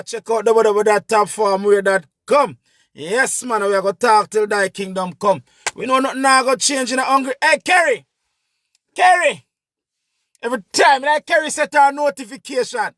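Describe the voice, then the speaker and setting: A man with a Jamaican accent hosting a livestream, talking casually to his viewers in an animated, repetitive way. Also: sits high, a little fast. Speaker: livestream host.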